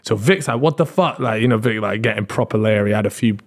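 A man's voice: lowish voice, fast talker. Swearing British man telling a story. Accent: British English. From Britain. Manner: animated, swears freely, lots of restarts. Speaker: podcast co-host. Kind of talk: casual storytelling chat.

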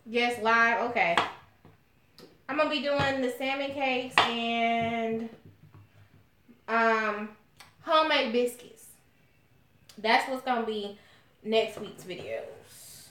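A woman's voice: fairly high pitch, fairly even intonation, takes it slowly, long pauses, bright, forceful tone. A woman hosting a casual live cooking stream from her home kitchen, chatting with viewers and calling them honey and y'all. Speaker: cooking channel host. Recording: echoey room, faint noise.

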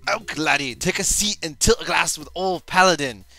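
Man putting on a boastful old Irish flyboy, loud, a bit higher than his own voice, hearty brogue. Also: moderate pace, soft background music. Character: boisterous old male veteran pilot storyteller.

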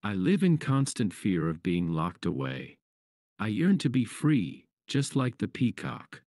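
A colorful, fearful parrot in a storybook fable speaks sadly and anxiously, voiced by a man. The voice is deep and moves widely in pitch. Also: very animated, unhurried, darkish tone, no echo, studio quality. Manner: sad, anxious.

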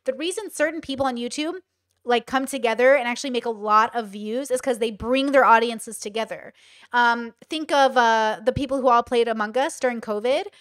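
A woman's voice: a little high, a little fast, no echo, clean studio sound. A young woman hosting casual commentary, chatty and full of "like" fillers. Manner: chatty, many 'like' fillers. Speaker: host.

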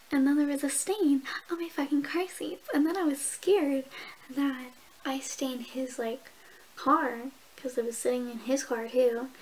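A young woman, a beauty vlogger, does her makeup while chatting and telling stories in a casual get-ready-with-me video, swearing and laughing a lot. Her voice is high with a darkish tone, and the low-quality recording carries a little hiss or hum.

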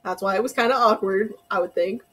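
A woman hosting an anime reaction video, talking casually and reacting with gasps, laughs and quick emotional outbursts. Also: mid-range voice, fairly bright tone, breathy edge. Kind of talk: casual live reaction commentary.

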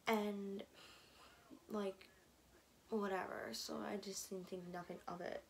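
A woman's voice: medium pitch, level tone, slow pace, long pauses, a little hiss or hum. Rambling young woman telling a story. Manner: rambling, with many fillers and restarts; drops to a whisper now and then. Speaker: vlogger. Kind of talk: casual storytime.

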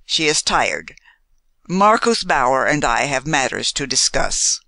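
A gruff, impatient old mountain guide, as a man reads him, blunt and commanding. The voice is bright and lively, recorded close and dry. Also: mid-range voice, takes it slowly, dry recording, exaggerated voice. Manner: harsh and impatient.

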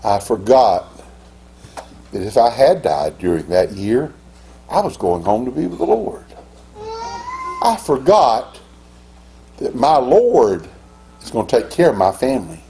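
An older man preaching a sermon as pastor, in an impassioned style that climbs to high, emphatic peaks. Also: big pitch swings, moderate pace, creaky, warm tone, a little hiss or hum.

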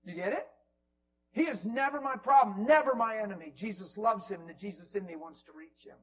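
A man preaching in a church, telling a story with animated swings from loud bursts to near whispers. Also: sits high, brisk, low-quality recording. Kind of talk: storytelling sermon. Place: church hall.

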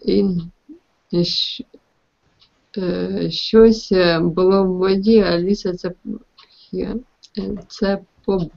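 A woman student translating a story aloud in an online class, hesitant and full of pauses and fillers. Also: mid-range voice, fairly even intonation, gravelly, darkish tone. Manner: hesitant, many fillers and restarts. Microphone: video call. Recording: dull lo-fi online call audio.

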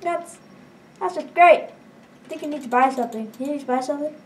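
A woman talking through her gameplay in a casual, chatty way, her voice fairly high. She sounds a little far from the mic, and her remarks often trail off into mumbles. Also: a little fast, slight background noise. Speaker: let's play gamer.

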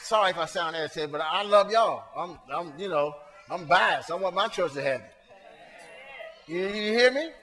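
A male pastor preaching a sermon to his congregation, swinging between soft asides and shouted points, talking to them in a casual, colloquial way. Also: high-pitched, lively intonation, moderate pace, big-room sound. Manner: colloquial, talks straight to the congregation. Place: church sanctuary.

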